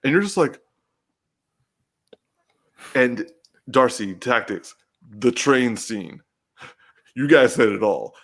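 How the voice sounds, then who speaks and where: A man co-hosts a casual podcast, talking with real excitement and emotion. His pitch swings widely as he gets worked up, and he trips over restarts and swears freely. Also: slow, long pauses. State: getting teary-eyed. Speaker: podcast co-host.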